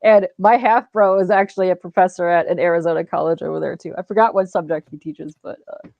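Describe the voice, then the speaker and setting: A woman's voice: lowish voice, steady tone, fast, creaky, darkish tone, dry recording. Chatty woman host, muffled call audio. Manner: chatty, laughs between words. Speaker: host of an online hangout. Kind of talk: casual chat. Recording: dull, dry lo-fi call audio.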